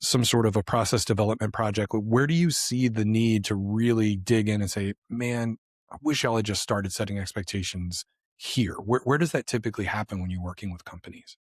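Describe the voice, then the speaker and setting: A man co-hosting a casual business podcast, asking questions and reacting in a relaxed conversational way. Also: on the low side, a little fast, no room sound, studio quality. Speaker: podcast co-host.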